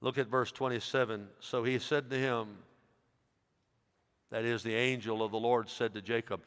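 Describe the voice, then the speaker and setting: A man's voice: mid-range voice, normal speed, clean tone. Preaching older man in echoing hall. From United States. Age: 60s. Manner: emphatic preaching, dropping soft then rising loud. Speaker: pastor. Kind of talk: sermon. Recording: long reverb of a church hall.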